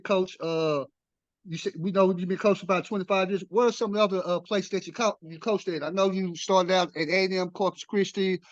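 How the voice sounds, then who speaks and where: Male host, high voice, keeps saying coach, lots of uh, dull lo-fi sound. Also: no room sound. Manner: says "Coach" constantly, many "uh" fillers. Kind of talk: interview.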